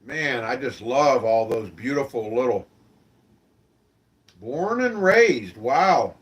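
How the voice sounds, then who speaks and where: A man's voice: medium pitch, expressive, takes it slowly. A man hosting a live-stream show, chatting casually and in a friendly way with his viewers and asking them questions.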